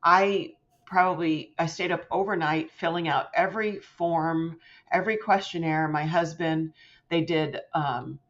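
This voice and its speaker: A middle-aged woman, a podcast guest, telling a personal story in an animated way and acting out quoted voices with big jumps in pitch. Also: a little slow, a little hiss or hum. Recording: slightly muffled lo-fi sound.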